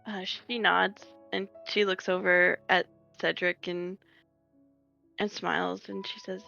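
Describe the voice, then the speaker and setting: A woman playing a tabletop game, narrating her character in a hesitant, halting way. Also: on the low side, flat delivery, gravelly, bright, forceful tone, soft background music. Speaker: player. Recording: dull lo-fi audio.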